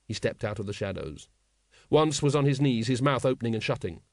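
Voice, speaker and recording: A male narrator reading an audiobook in a measured, dry way. His voice sits at a middle pitch, recorded close in a dead-sounding space. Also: lively intonation, a little mellow, dry recording.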